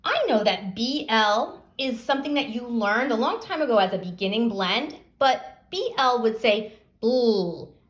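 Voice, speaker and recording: A woman teacher giving a phonics lesson, sounding out words slowly and asking young pupils questions. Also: fairly high pitch, lively intonation, fairly bright tone.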